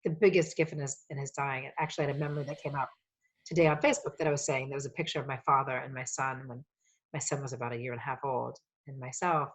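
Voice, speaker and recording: A woman with a notably low voice tells long personal stories with animated, emotional energy. She swears freely and rambles from one thought to the next. The tone is relaxed and conversational, like a podcast chat. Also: fast. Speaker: podcast guest, coach. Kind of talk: casual storytelling conversation.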